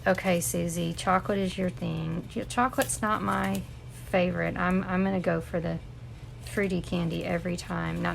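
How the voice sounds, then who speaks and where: A woman's voice: on the low side, vocal fry, a little hiss or hum. A woman teaching a casual live crafting tutorial, chatting and rambling with asides to her viewers. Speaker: crafting instructor.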